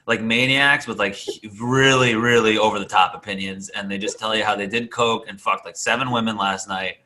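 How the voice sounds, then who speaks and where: Bright-voiced man telling stories animatedly. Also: on the low side, a little fast. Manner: animated storytelling, swears, laughs often. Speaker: podcast co-host. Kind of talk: casual comedy podcast banter.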